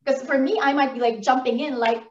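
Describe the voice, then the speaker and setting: A woman moderator with a high voice asks a chatty question on stage. She sounds far from the mic, in an echoey hall on dull, muffled audio. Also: fairly even intonation, fairly quick, slight background noise.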